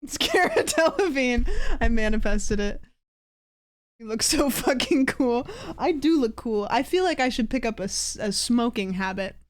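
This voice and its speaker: A woman's voice: on the high side, animated, normal speed, no echo, studio quality. A woman streamer chatting casually and playfully, giggling and swearing as she talks. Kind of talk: casual livestream chat.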